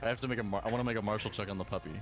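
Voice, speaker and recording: A man playing in an online tabletop game, excitable and stammering when worked up. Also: on the low side, racing. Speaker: player. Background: faint music.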